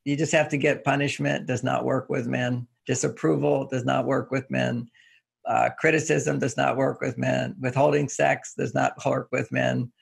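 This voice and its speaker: A man's voice: mid-range voice, little pitch movement, moderate pace, vocal fry, slightly rough. A man talking as a guest in an interview, explaining his ideas through homely anecdotes and chuckling as he goes. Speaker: relationship author and guest. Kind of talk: relaxed interview talk.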